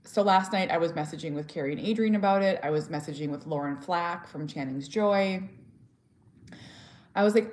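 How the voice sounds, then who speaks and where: A woman's voice: on the low side, normal speed, darkish tone. A woman speaking candidly in a personal vlog as a mother and author, earnest and heartfelt, often restarting her sentences and sometimes blunt. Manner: talks openly and directly, sometimes blunt.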